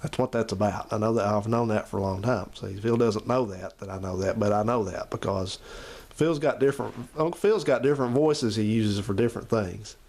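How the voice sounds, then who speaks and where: Rambling man, lowish voice. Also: a little fast, few pauses, a little mellow. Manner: rambling, repeats himself, talks to his uncle and the viewers. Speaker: channel host. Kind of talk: casual chat to camera.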